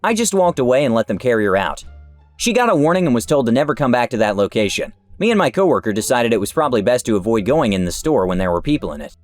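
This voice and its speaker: Animated man reading internet stories. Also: mid-range voice, fast talker. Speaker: story narrator. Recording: dry with faint music behind.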